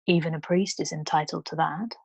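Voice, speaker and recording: A woman voicing an insolent, laid-back male river traveller who talks low and dismissively, half whispering. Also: steady tone, a little fast, vocal fry, breathy edge, dry recording, exaggerated voice.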